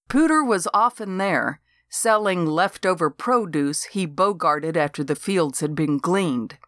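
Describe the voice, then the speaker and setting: An older woman narrating a comic novel in first person, with a dry, deadpan delivery. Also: on the low side, a little slow, few pauses, no echo. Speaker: audiobook narrator.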